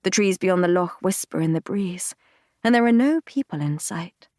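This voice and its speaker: A woman narrating a fantasy romance audiobook in the first person, reading in a measured, intimate, unhurried way. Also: on the low side, expressive, warm tone, no room sound, clean studio sound. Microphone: close studio mic, dry.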